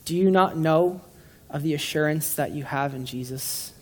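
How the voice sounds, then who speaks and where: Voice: medium pitch, moderate pace. A preacher giving an informal, joking sermon to a room of listeners, often stumbling and restarting phrases. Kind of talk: casual conversational sermon. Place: room with a live congregation.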